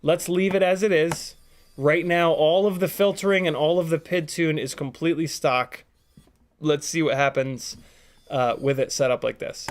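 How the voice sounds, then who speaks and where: A man's voice: a little high, fairly even intonation, normal speed. A man hosting a casual live stream from a home workspace, chatting easily, joking, and reading out viewer comments while he works. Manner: easygoing, jokey, reads out viewer comments.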